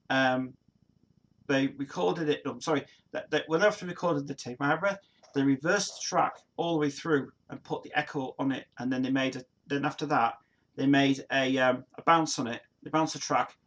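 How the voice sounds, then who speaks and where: A man's voice: mid-range voice, creaky, a bit bright. A man in his forties from Nottingham with an East Midlands accent, rambling through a casual livestream chat with lots of restarts and fillers. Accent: East Midlands English. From Nottingham, England. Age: 40s. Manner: rambling, many restarts and fillers, laughs often. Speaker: livestream host. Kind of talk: casual chat reading viewer comments.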